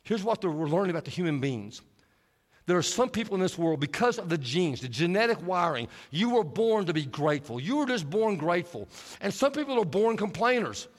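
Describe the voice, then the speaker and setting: Male preacher, high voice, storytelling sermon that moves between hushed and lively, long hall reverb. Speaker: pastor.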